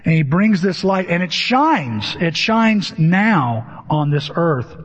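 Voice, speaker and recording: High-voiced male preacher in a reverberant hall. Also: big pitch swings, slow, slightly rough. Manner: emphatic preaching with rhetorical questions. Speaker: pastor. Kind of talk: sermon. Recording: dull lo-fi with long hall reverb.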